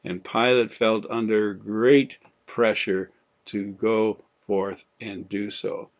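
A man's voice: on the low side, steady tone, takes it slowly. A man teaching a Bible lesson in sermon style, emphatic and repeating key phrases, quoting scripture with dramatic force. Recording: dull lo-fi recording.

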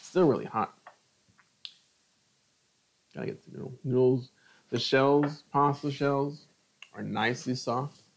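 Brief: middle-aged male cooking host, chatty, mid-pitched, tastes and comments on food on a live stream. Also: slow, gravelly, pauses often. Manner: chatty, savoring food between remarks.

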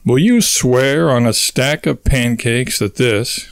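A man's voice: medium pitch, slow pace, gravelly, clean tone, no echo. A man voicing a paranoid, eccentric male inventor who speaks in grandiose, conspiratorial tones and puts on a stuffy British air. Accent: stuffy British put-on. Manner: pompous, conspiratorial, over-the-top.

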